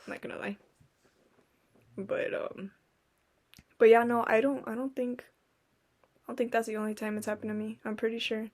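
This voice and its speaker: A woman's voice: on the high side, little pitch movement, normal speed, long pauses, a little mellow. A young woman in casual podcast chat, telling rambling stories full of "like" and "um" and acting out quotes. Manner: rambling storytelling, lots of "like" and "um", acts out quotes. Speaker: podcast co-host.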